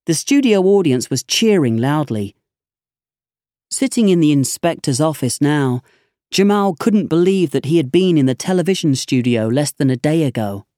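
A narrator reading a storybook aloud in a measured, scripted way. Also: mid-range voice, animated, mellow, no echo, clean studio sound.

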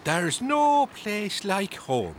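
A gruff, slow-spoken male giant from a children's storybook, worn out from fighting but quick to anger, as a woman reading aloud does his voice. The delivery is unhurried, with pitch that rises and falls a lot. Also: huge pitch swings, sharp tone, a little hiss or hum, heavily acted. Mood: content. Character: weary, hot-tempered male Irish giant.

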